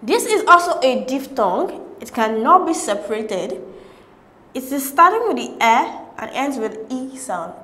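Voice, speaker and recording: A woman's voice: high-pitched, sing-song, measured pace, sharp tone, echoey room. A woman, working through exam questions as a tutor and reading each option in turn. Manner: methodical, reads options one by one.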